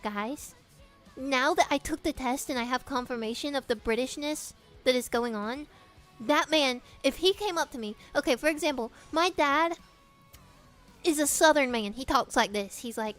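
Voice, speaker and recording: High-voiced giggly young woman streamer. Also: expressive, moderate pace, long pauses, faint music behind. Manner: giggly and profane, reading chat questions aloud. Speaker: streamer chatting with viewers. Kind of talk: casual live-stream chat.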